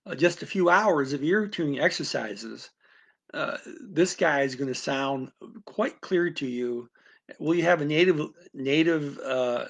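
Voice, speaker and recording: A man's voice: on the high side, vocal fry, fairly bright tone. A man teaching a language-learning method, explaining it in an unscripted, rambling talk full of restarts and asides.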